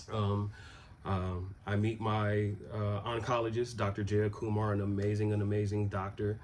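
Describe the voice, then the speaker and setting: A young man telling a personal story in a loose, conversational way, with many pauses and restarts. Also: fairly low pitch, a little mellow, a little hiss or hum. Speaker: vlogger.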